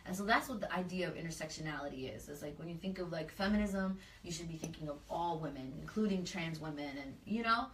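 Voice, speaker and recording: A woman's voice: fairly low pitch, quick pace, few pauses, a bit bright, far from the mic, a little hiss or hum. A woman community organizer in a casual interview, speaking earnestly and loosely with lots of fillers. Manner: earnest, talks freely with many fillers. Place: indoor room, livestream. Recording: echoey room, off-mic.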